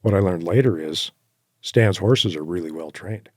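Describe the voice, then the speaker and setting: Man guest, low mellow voice, lively yarn-spinning, dry close podcast mic. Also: moderate pace, no room sound. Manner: animated anecdotes with quoted asides and laughs. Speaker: podcast guest, horseback hunter. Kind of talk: casual interview storytelling.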